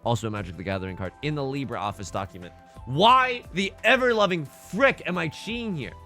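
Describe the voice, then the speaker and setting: A man's voice: on the high side, animated, brisk, bright, forceful tone, faint music behind. A man hosting a let's play, talking through his game in an exasperated, stammering, self-mocking way. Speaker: gaming channel host.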